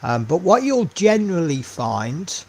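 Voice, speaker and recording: A man's voice: fairly high pitch, big pitch swings, unhurried, a little mellow. A man chatting casually on a live stream while he paints miniatures, thinking aloud with many ums and trailing asides.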